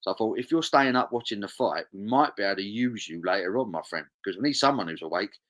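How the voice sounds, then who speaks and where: A man's voice: lowish voice, animated, fast talker, a bit bright. A young man, hosting a charity live stream, casually reading viewer comments aloud and chatting along.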